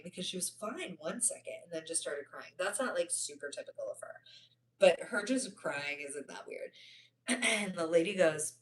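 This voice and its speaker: A woman's voice: fairly low pitch, normal speed. A young woman chatting on a livestream, reading viewers' comments and rambling through stories with lots of fillers and self-corrections.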